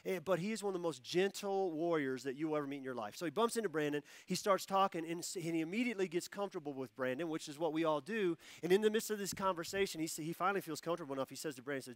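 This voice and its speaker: A man preaches a sermon in a fairly high voice, leaning into stories and acting out the people in them. He repeats key phrases to drive them home. His voice is picked up close and sounds dry, with little room sound. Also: rapid-fire, no room sound. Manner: storytelling, animated quoted voices, repeats phrases for emphasis. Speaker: pastor. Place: church.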